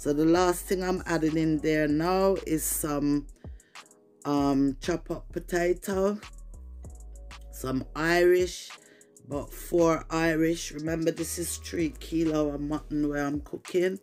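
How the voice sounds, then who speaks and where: A woman with a Jamaican accent makes a recipe on camera in her kitchen, talking casually to viewers in patois-laced English. She speaks slowly in a low, steady, slightly mellow voice, with faint music behind her.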